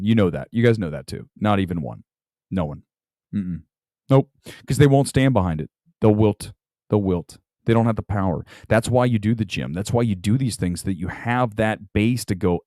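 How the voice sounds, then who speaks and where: A man's voice: on the low side, a little mellow, dry recording, studio quality. A man hosting a casual livestream as a movie critic, ranting bluntly and combatively, often repeating himself for emphasis.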